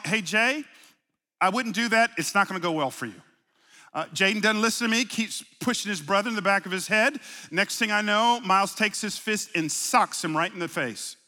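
A middle-aged man preaching in a high, ringing voice that carries a lot of edge and brightness. He talks through his sermon like a story, punching key words loudly, then dropping to hushed, low asides. The sound is a live recording with long reverb trailing off the walls of a large sanctuary. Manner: conversational preaching with anecdotes, swings from loud emphasis to low asides. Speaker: pastor.

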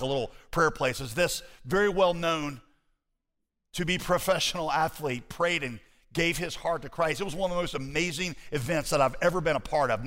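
A man preaching a sermon as pastor, animated and conversational with his congregation. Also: on the high side. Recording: hall reverb.

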